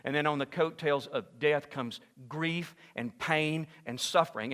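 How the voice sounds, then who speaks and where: A man preaching a sermon as pastor in a church, moving from hushed asides to loud, impassioned peaks. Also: on the high side, unhurried, hardly any pauses, clear, resonant tone, in a large hall. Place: church sanctuary.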